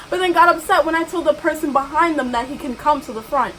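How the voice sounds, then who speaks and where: A woman's voice: high voice, fairly quick, few pauses, bright, forceful tone, a little hiss or hum, poor audio. A young woman vlogger telling work stories in an exasperated, emphatic way, full of "like". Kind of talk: ranting storytime vlog.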